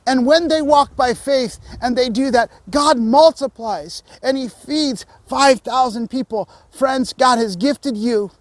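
A man's voice: very high voice, unhurried, dry recording. A man, a pastor, preaching a sermon and speaking earnestly and directly to his listeners.

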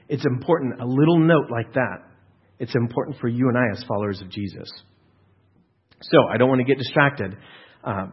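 Male pastor mid-sermon, emphatic, slightly raspy, muffled lo-fi sound. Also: mid-range voice. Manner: earnest, emphatic with frequent restarts and rhetorical questions.

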